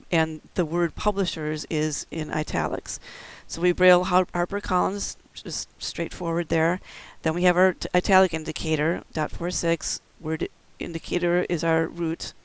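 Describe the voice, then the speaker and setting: A man's voice: on the high side, creaky, fairly bright tone, clear, resonant tone, dry recording, rough recording. A man giving a recorded instructional lecture, explaining things step by step with occasional fillers. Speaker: braille instructor.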